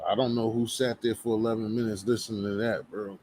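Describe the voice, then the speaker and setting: A man hosting a casual hip hop talk stream, trading relaxed banter with guests. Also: on the low side, quick pace, crowd noise.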